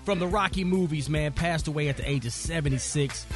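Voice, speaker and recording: A man giving a relaxed, conversational sports report on a morning radio show. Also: a little high, fairly quick, music in the background.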